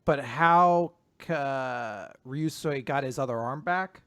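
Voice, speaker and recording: A man co-hosting a podcast, chatting casually and tossing in quick, jokey reactions. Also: mid-range voice, fairly bright tone, clean tone, no room sound. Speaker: podcast co-host. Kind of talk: casual chat.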